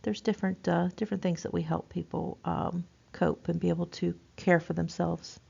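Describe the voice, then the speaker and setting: A woman teaching a nursing class in a relaxed, informal way, with lots of ums and restarts. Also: fairly low pitch, normal speed, vocal fry, breathy edge. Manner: informal, many fillers and restarts. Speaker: nursing instructor. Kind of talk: recorded lecture. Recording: dull lo-fi lecture recording.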